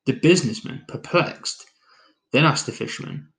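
A man's voice: medium pitch, unhurried, rough recording. A man hosting a fitness podcast, talking casually and jokily, then reading a parable aloud. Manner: jokey, chatty, relaxed. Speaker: podcast host.

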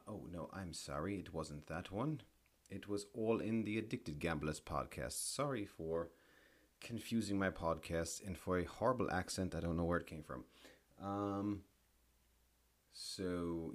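Low-voiced rambling podcast host. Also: male voice. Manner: rambling, chatty, talks to unseen listeners. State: tired after a long workday. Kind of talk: casual solo podcast monologue.

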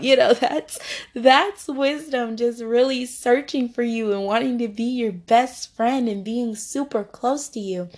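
A woman's voice: a little high, a little slow, a little mellow. A woman hosting a podcast Bible study, teaching in a chatty, informal way and laughing easily. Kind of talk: casual devotional teaching.

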